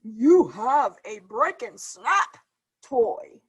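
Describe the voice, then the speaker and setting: A woman voicing a laid-back female squirrel in a storybook read-aloud, with a deeper, relaxed, slow voice. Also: husky, heavily acted. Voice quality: deeper than the other characters.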